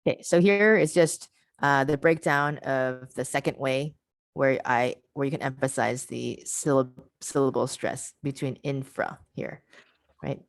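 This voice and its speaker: A woman's voice: rumbling low, unhurried, gravelly, no echo, studio quality. A woman presenting an online teacher workshop over a video call, patient and repeating her key points.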